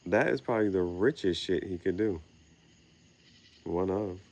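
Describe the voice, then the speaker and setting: A young man talks to himself outdoors on a quiet night, drifting from thought to thought in loose slang. His voice sits low with a gravelly rasp, and now and then he chuckles at his own phrasing. Crickets chirp softly behind him. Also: measured pace. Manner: meandering, slangy, laughs at himself. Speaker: vlogger. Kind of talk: rambling late-night monologue.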